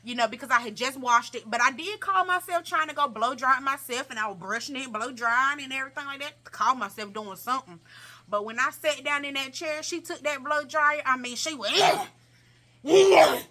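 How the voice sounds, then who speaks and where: Young woman, casual storytime vlog, slangy and animated, higher bright voice. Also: a little fast. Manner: animated, slangy, repeats herself for emphasis. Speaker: vlogger.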